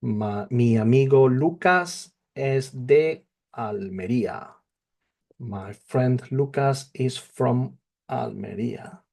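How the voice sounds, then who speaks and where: A man teaching a Spanish lesson, slow and patient, repeating each phrase. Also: medium pitch, gravelly, darkish tone. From not from England. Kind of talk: slow spoken language lesson.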